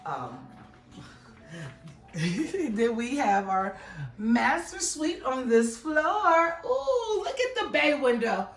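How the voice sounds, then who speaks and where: Woman, slow and bubbly, home tour host, echoey rooms, a bit distant from the mic. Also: on the high side, very animated, a bit bright, faint music behind. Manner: enthusiastic, gushing, exclaiming over details. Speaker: real estate agent giving a home tour. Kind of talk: casual walkthrough tour. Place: model home, walking through rooms.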